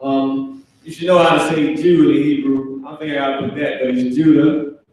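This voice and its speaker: A man teaching a live online language class, talking casually with slang and spelling out words slowly for students. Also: medium pitch, level tone, a little mellow, recorded from a distance. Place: classroom with a board. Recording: echoey room, off-mic.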